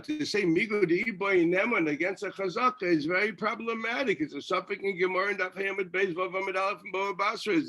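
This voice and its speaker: Animated high-voiced rabbi teaching Talmud. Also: male voice. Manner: animated, rhetorical questions, frequent restarts. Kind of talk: yeshiva Talmud lecture.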